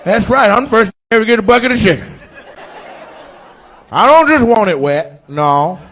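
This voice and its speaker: A man doing stand-up comedy and crowd work on a club stage, loud and animated, swinging between shouts and mutters, recorded live with a stage mic. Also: high-pitched, moderate pace.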